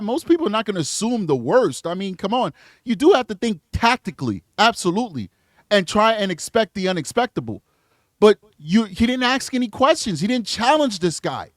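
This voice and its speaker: A man's voice: very high voice, very animated, fairly quick, no echo, studio quality. A man giving blunt, emphatic commentary on a true crime video, talking back to the clips he plays. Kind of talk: casual reaction commentary.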